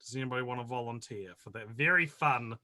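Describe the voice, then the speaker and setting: A man hosting a casual movie podcast, chatty and quick to laugh. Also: medium pitch, pushed and bright. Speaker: podcast host.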